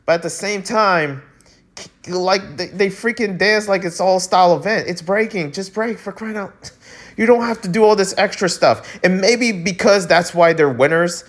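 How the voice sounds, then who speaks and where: A man's voice: high voice, normal speed. A Filipino-American man from the United States ranting animatedly as he hosts a breakdancing news vlog, often restarting sentences and throwing in exclamations. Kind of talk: casual ranting commentary.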